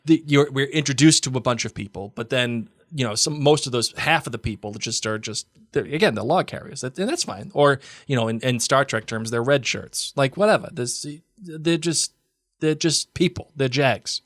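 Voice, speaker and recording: Man, podcast co-host, wry and halting, mid-range voice, dry close recording. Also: mid-range voice, a bit bright, dry recording. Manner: wry, offhand, halting with restarts. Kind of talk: casual book discussion.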